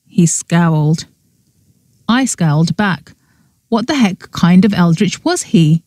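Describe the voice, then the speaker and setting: A woman narrates a first-person mystery audiobook in a brisk reading style. Her tone is dark and mellow, recorded dry and close. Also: lowish voice, expressive, no room sound.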